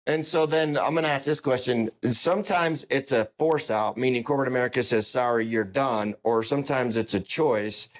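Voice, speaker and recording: A man's voice: medium pitch, brisk, hardly any pauses. A man hosting a podcast interview, telling a long story with lots of restarts and repeated words. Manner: rambling storyteller with many restarts. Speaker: podcast host. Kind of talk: casual interview conversation.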